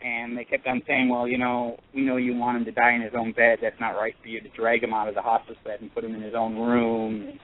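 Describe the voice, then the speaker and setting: A man calling in to a radio show, telling a personal story in an earnest, halting way with many pauses and restarts. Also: mid-range voice, monotone. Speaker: caller. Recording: tinny phone line.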